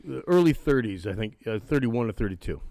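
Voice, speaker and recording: A man's voice: mid-range voice, brisk. Profane, rambling older man telling stories. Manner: profane, rambling, animated impressions of others. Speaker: guest, former actor. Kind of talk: casual storytelling interview.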